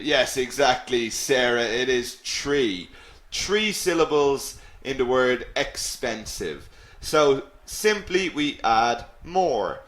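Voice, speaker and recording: A man teaching a live online English lesson, repeating example words slowly and clearly for his learners. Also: mid-range voice, fairly bright tone. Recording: echoey room.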